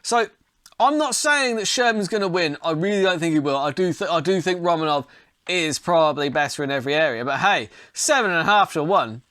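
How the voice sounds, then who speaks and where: Man, young adult, betting show host, dry close sound, bright tone, chatty and profane. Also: on the high side, expressive, fairly quick, dry recording. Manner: profane, chatty, talks himself into things. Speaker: podcast host, fight tipster. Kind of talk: casual talk on fight betting.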